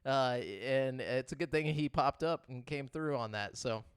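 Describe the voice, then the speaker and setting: A man's voice: mid-range voice, unhurried, smooth, dry recording, clean studio sound. A young man co-hosting a casual gaming podcast, joking and laughing often, with lots of fillers and restarts. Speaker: podcast co-host.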